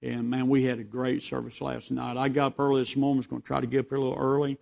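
A man's voice: mid-range voice, completely flat delivery, fast talker, creaky, a little mellow. A man preaching a revival sermon as a visiting preacher, telling stories in a folksy, rambling way.

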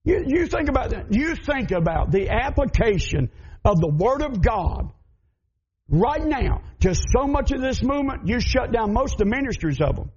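A man with a Southern American accent preaching a fervent sermon, emphatic and building up to shouts. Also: very high voice, very animated, normal speed, breathy edge, muffled recording.

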